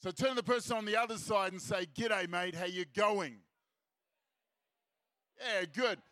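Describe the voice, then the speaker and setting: Upbeat Australian man, high bright voice. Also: measured pace, no room sound. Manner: upbeat, jokey and rousing, repeats key lines for effect. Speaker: seminar speaker. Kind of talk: lively Christian seminar talk with crowd call-and-response. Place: festival stage before an audience.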